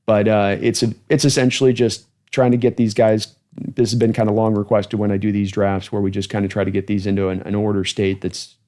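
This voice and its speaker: A man's voice: fairly low pitch, level tone, brisk, darkish tone. A man hosting a football fan livestream, talking casually and rambling as he runs through his rankings and thanks viewers for donations. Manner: rambling, chatty, thanking donors.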